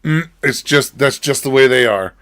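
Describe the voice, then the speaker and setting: A man's voice: medium pitch, moderate pace, a bit bright, no echo, studio quality. A man co-hosting a podcast, telling stories in a profane, casual way. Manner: profane, storytelling. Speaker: podcast co-host. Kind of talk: casual chat.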